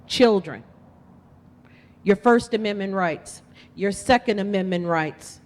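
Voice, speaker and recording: Woman candidate, slow and emphatic, impassioned speech in a reverberant hall. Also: medium pitch, a little mellow. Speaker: political candidate. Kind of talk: campaign speech. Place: event hall.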